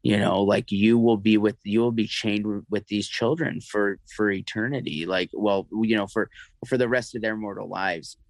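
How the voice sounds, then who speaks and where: A man shares a personal story as an interview guest, in a fairly low voice. He talks in halting bursts full of restarts and fillers, and the sound is dry and close with no room around it. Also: steady tone, no room sound, low-quality recording.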